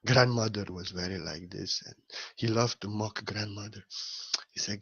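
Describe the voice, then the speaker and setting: Man, spiritual teacher, playful and laughing, loud bursts and soft murmurs, muffled recording. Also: on the low side, steady tone, moderate pace, creaky, husky. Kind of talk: informal spiritual talk. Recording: slightly dull lo-fi audio.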